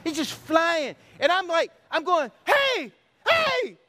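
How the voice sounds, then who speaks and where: High-voiced animated pastor. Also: male voice, measured pace. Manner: animated storytelling, sound effects and acted asides. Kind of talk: sermon.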